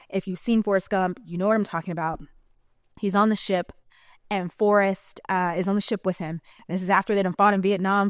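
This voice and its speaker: A woman's voice: mid-range voice, no echo, studio quality. A woman talking in a casual vlog monologue, chatty, colloquial and emphatic. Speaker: vlogger.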